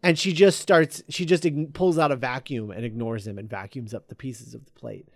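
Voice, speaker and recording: A man's voice: medium pitch, normal speed, no echo, clean studio sound. A man chatting casually, retelling a script scene by scene with many fillers and quoted lines. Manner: rambling with many fillers, quoting characters in a flat relaying voice.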